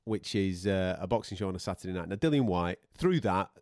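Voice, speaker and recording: A man's voice: low voice, animated, fairly quick, darkish tone, dry recording. Chatty man, dry close mic. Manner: chatty, laughs often, swears freely. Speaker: boxing podcast host and radio presenter. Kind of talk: casual banter and storytelling.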